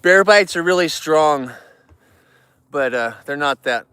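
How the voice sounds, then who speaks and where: A man with a high, bright voice chats casually on a livestream, emotional and talkative, greeting viewers and animals by name. His voice comes through clear and crisp, with a dry, close sound. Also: animated, slow, no echo.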